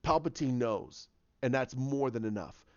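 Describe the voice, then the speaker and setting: A man voicing a scheming ancient male dark lord who lectures in a slow, deep, commanding way. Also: smooth, no echo, lo-fi sound, natural voice. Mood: menacing.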